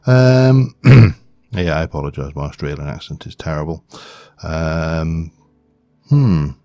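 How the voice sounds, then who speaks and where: A man's voice: a bass voice, fairly even intonation, normal speed, warm tone, dry recording. A man giving rambling, self-deprecating casual commentary over a game. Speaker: gaming video host.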